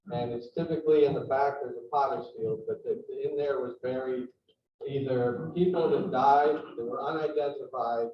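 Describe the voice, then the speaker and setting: A man's voice: medium pitch, slight background noise. Man hosting a talk in a roomy hall. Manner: relaxed with many fillers. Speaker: event host. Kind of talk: introducing a speaker. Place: lecture room. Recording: roomy, distant, muffled room recording.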